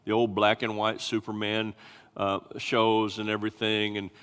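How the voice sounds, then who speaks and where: A male pastor preaching a sermon in an animated way, acting out scripture voices with big swings in pitch. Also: normal speed, smooth. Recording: long hall reverb.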